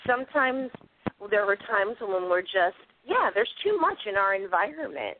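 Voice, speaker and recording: A woman's voice: medium pitch, sing-song, normal speed. A woman hosting a radio show, chatting casually and laughing often. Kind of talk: casual chat. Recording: phone-line audio.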